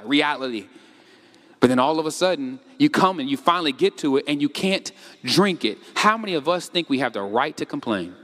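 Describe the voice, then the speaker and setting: A man pastor preaching a sermon, animated, acting out the complaints of his congregation. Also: high voice, a little fast. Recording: long hall reverb.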